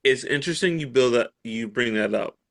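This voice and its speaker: A man co-hosting a casual podcast chat, asking questions and laying out theories in a lively way, laughing easily. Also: mid-range voice, a little fast, creaky. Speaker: podcast co-host.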